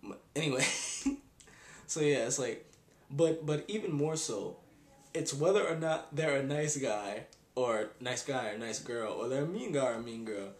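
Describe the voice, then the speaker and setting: A man's voice: mid-range voice, expressive, unhurried. A young man, ranting in a casual vlog with exasperated sighs and slang. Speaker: vlogger. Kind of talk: casual rant. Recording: echoey room.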